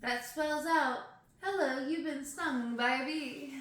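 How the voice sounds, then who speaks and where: A woman's voice: high-pitched, slow, a bit bright. A woman casually reading poems aloud, laughing at herself as she stumbles over hard words and chatting between poems. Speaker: poetry reader. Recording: very echoey room.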